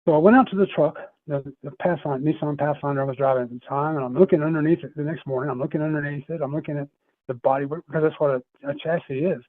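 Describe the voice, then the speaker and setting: A man's voice: on the high side, steady tone, fast, no echo. A middle-aged man, a podcast guest, telling a personal story in an earnest, rambling way, often restarting his phrases. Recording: tinny phone-line sound.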